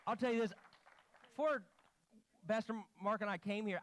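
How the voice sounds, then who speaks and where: A man's voice: high voice, moderate pace. A man preaching in a church, telling stories with animation and quoting people in his own voice. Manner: animated storytelling, quoting himself and others. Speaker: pastor. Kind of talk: sermon. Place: church sanctuary.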